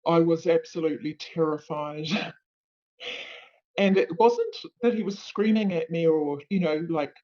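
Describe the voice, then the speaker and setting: A woman telling her own story as an interview guest, speaking haltingly and searching for her words. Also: deep voice, a little mellow. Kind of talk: personal account in an interview. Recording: dull lo-fi recording.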